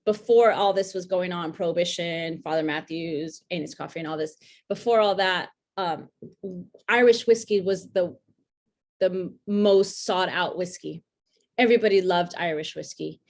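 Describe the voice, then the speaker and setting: A woman's voice: on the low side, moderate pace. A woman hosting a virtual whiskey tasting over a video call, telling a brand's history in a loose, chatty way with many fillers and restarts. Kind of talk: casual talk for a virtual tasting.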